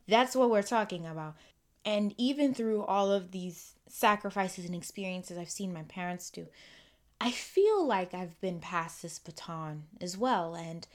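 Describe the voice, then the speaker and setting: Young woman, solo podcast host, earnest and affirming, loops phrases, drifts quiet. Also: medium pitch. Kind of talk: reflective solo podcast monologue.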